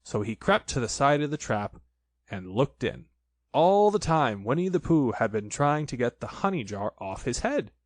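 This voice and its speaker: A man reads a children's storybook aloud, expressive and playful. His voice rises and falls a lot. The sound is dry and close. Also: medium pitch, moderate pace, no echo. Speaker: narrator.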